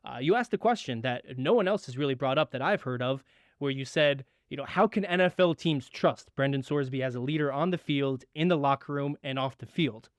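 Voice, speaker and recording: A man's voice: mid-range voice, a little fast, no room sound, clean studio sound. A young man co-hosting a sports podcast with his father, talking earnestly and reading statements aloud. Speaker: podcast co-host, son. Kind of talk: casual sports podcast chat.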